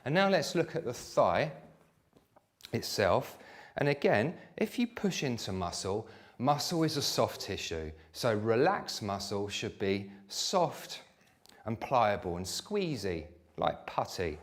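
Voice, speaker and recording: A man, a sports therapist, leads a live exercise class in a relaxed, chatty way, showing each step on his own leg. His voice sits in a middle pitch for a man, neither deep nor high. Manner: chatty, demonstrating on himself.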